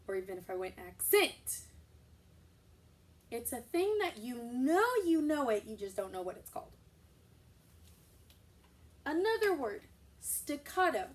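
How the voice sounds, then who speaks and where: A woman teaching a recorded music lesson for young children, explaining terms slowly and patiently. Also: on the high side, far from the mic.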